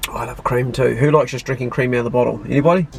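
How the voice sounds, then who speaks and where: A man's voice: medium pitch, steady tone, racing, gravelly, faint music behind. A middle-aged man from New Zealand with a New Zealand accent, chatting casually in a travel vlog outdoors on his farm. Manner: easygoing, chatty, talks to his dogs. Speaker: vlogger.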